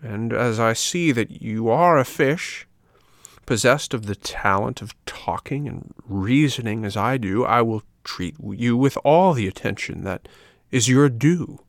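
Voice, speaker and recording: A man voicing a huge, greedy, green lizard-like ogre fisherman in a storybook reading, drawing out his words slowly as he gloats. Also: mid-range voice, dry recording, studio quality, natural voice. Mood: mock courteous. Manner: slow, drawn-out, gloating and relishing.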